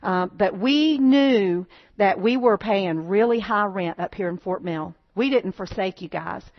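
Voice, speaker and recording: A woman's voice: mid-range voice, a little slow, no echo, lo-fi sound. A woman speaking to a church congregation, earnest and folksy, rallying her listeners with questions and appeals. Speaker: pregnancy center speaker at a church. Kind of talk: church talk with slides. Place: church sanctuary.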